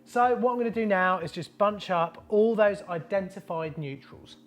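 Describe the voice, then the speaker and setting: Upbeat high-voiced plumber host. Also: male voice, moderate pace, soft background music. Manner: upbeat, chatty, matey. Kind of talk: casual how-to tutorial.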